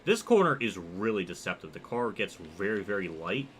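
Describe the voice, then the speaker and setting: Excitable man commentating a racing game. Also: low voice, moderate pace, slight background noise. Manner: excitable, chatty, reacts loudly and reads chat. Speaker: sim racing streamer. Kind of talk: live gameplay commentary.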